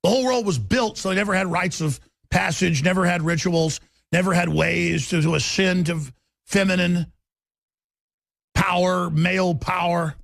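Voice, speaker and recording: Brief: gravelly male talk radio host, forceful monologue, sharply shifting pace. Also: high-pitched, moderate pace, dry recording. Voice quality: raspy.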